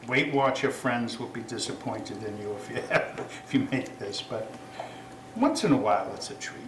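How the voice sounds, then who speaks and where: A man's voice: mid-range voice, normal speed, roomy sound, noisy background. A man hosting a casual cooking demonstration, chatty and self-correcting, with apologetic asides. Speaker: cooking show host.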